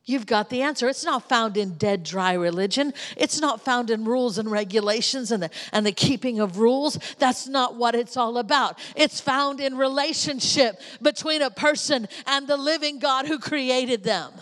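A woman's voice: a little high, moderate pace, few pauses, fairly bright tone. A woman preaches to a congregation, driving her points home by repeating key lines. Her voice carries a long reverb from a large church hall. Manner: emphatic, repeats lines for effect. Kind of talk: sermon.

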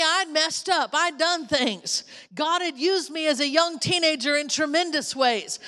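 A woman's voice: sits high, bright, forceful tone. A woman preaches to a congregation, driving her points home by repeating key lines. Her voice carries a long reverb from a large church hall. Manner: emphatic, repeats lines for effect. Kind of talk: sermon.

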